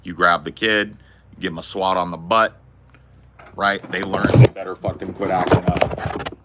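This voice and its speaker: A man's voice: low voice, little pitch movement, moderate pace, very noisy. A man streaming live, casually answering chat questions in a rambling, profane, laid-back way.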